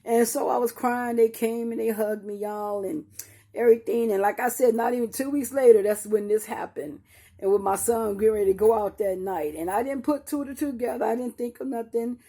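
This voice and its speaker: An older grieving mother tells viewers her story in a high, brisk, dark-toned voice with fairly even intonation. She calls her listeners "y'all" and keeps restarting and repeating sentences as she revisits painful memories.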